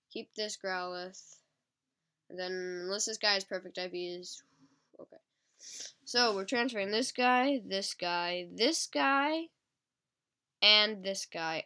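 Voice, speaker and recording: A woman with a stuffy, sniffly nose giving casual, excitable gameplay commentary to her viewers. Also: medium pitch, clean tone. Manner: chatty, excitable, talking to viewers. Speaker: mobile game channel host.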